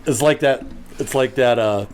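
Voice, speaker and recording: A man co-hosting a podcast who chats casually, joking and quick to laugh. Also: medium pitch, slight background noise. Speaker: podcast co-host. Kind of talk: casual chat.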